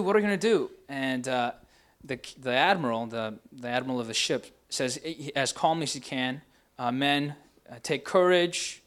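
A man's voice: on the high side, fairly bright tone. A young man preaching a casual, conversational sermon to students, often tagging his points with "right?". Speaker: pastor.

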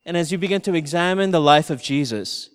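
A middle-aged male pastor telling a family story in a sermon, animated and laughing through his anecdotes. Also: a little high, fairly quick, clean tone, big-room sound.

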